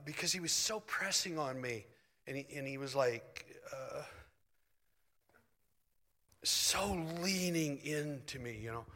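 A man's voice: medium pitch, fairly bright tone. A middle-aged man preaching a sermon in a loose, conversational, self-deprecating way. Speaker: pastor. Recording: long hall reverb.

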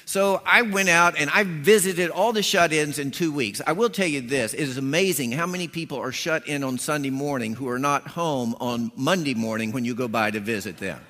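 Man, pastor, folksy storytelling sermon, bright voice, long hall reverb. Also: a little high, normal speed, hardly any pauses. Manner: folksy, animated storytelling with quoted dialogue.

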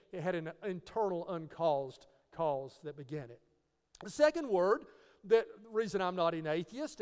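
A man's voice: sits high, clear, resonant tone. A man giving an apologetics teaching talk. He asks rhetorical questions and spells out key words letter by letter. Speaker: Christian teacher. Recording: long reverb.

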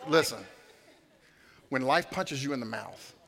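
A middle-aged man preaching a sermon in a conversational way, dropping to quiet asides and rising to loud peaks. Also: mid-range voice, animated, unhurried, some chatter behind. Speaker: pastor. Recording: long hall reverb.

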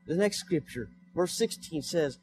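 A man's voice: a little high, animated, unhurried, a little mellow, faint music behind. A young man preaching a sermon in church, repeating his points with rising emphasis. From United States. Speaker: pastor. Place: church sanctuary.

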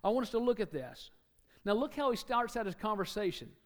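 Emphatic high-voiced Southern preacher. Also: male voice, very animated, brisk. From Alabama. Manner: emphatic, repeats key words, swings loud and soft. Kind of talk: sermon.

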